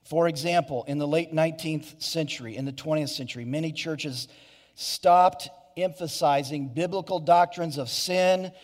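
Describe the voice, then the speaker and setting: A man with a slightly high voice and normal pace preaches a sermon to his church. The pastor sounds earnest, breaking off to restart, adding asides and saying "you know" a lot, while the sanctuary's hall reverb surrounds him.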